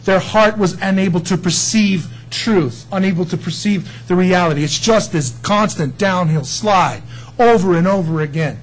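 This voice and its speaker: A man's voice: sits high, normal speed, low-quality recording. A man preaching a sermon, emphatic and folksy, often asking his listeners questions.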